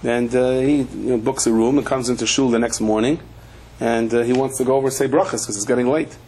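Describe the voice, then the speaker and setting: A man's voice: mid-range voice, steady tone, quick pace, a little mellow, a little hiss or hum, low-quality recording. Man telling jokes in a Torah lecture. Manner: humorous storytelling, acts out quoted voices. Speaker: rabbi teaching a Torah class. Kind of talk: sermon-style lecture with stories.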